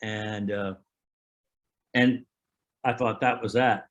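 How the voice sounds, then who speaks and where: A man's voice: fairly low pitch, fairly even intonation, slow pace, muffled recording. An older man, a Special Forces veteran, recounting anecdotes in an oral history, quoting others with frequent chuckles.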